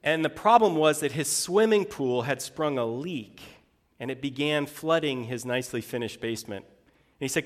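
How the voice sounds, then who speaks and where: A middle-aged man preaching a sermon in a conversational way, asking rhetorical questions and slowing down for quoted scripture. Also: medium pitch, long reverb tail. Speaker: pastor.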